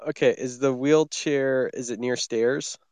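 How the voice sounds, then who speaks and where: A man's voice: medium pitch, steady tone, unhurried, darkish tone, smooth, no echo. Man narrating an improvised scene. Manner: loose, filler-heavy scene-setting. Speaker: story narrator, game master.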